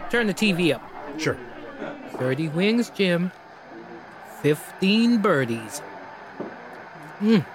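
A man plays a rambling interrogator whose voice sits high and swoops wildly, lurching from giddy excitement to low, quiet threat. He teases and mocks, a menacing figure in a film drama. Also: slow pace, long pauses, a crowd in the background, heavily acted. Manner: rambling, teasing, sudden swings between loud excitement and quiet menace. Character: menacing, overweight male interrogator, probing and mocking.

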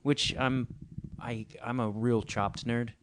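A man's voice: medium pitch, fairly even intonation, slow. Male host, casual chat, profane and rambling, self-deprecating.

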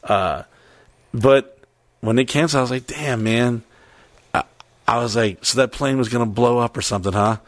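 A man casually telling a story on a podcast, animated and profane, acting out the voices of other people. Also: mid-range voice, normal speed, pauses often, no echo. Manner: animated, swears a lot, acts out voices.

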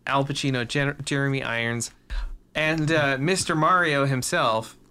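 A man co-hosting a casual movie podcast, animated and profane, mocking films with exaggerated impressions. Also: medium pitch, normal speed, smooth. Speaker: podcast co-host.

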